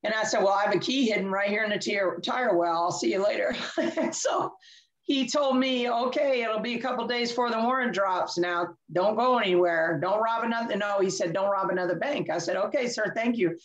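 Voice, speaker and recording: A woman guest tells a candid story from her own life in an animated way. She laughs often and acts out both sides of the dialogue. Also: medium pitch, a little fast, dull audio. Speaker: interview guest.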